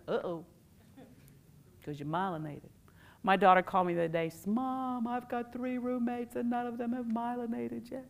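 A middle-aged woman giving a playful, animated workshop talk to parents and quizzing the audience. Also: medium pitch, creaky.

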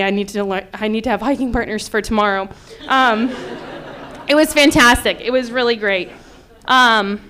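A woman in her thirties from upstate New York, telling a personal story with lively acted-out quotes. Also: a little high, clean tone. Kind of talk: personal story told to an audience.

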